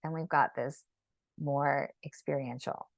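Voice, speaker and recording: A woman with a low, gravelly voice guides a drawing lesson over a video call. She talks gently and unhurriedly, often checking in with "right?". The sound is close and dry. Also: steady tone, a little slow, dry recording. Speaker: sacred geometry teacher. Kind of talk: live online drawing lesson.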